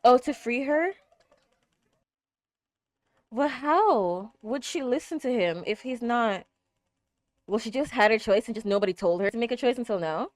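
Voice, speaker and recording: A young woman reacting to an anime episode, exclaiming and gasping, swinging between hushed murmurs and loud outbursts. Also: fairly high pitch, lively intonation, unhurried, long pauses, dry recording. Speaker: reaction streamer.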